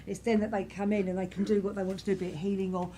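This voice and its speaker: A woman serving as a spiritualist medium, speaking softly and reassuringly to a congregation in a church, repeating herself often. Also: medium pitch, flat delivery, very fast, a little hiss or hum. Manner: gentle, reassuring, repetitive, many "you know"s. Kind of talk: giving spirit messages to a congregation.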